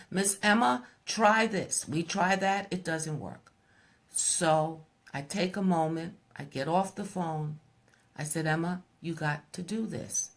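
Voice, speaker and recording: Slow, earnest woman hosting a mindset talk. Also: mid-range voice, a bit bright. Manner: slow, earnest storytelling, addresses listeners as folks. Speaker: host of a weekly mindset show. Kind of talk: motivational live-stream talk.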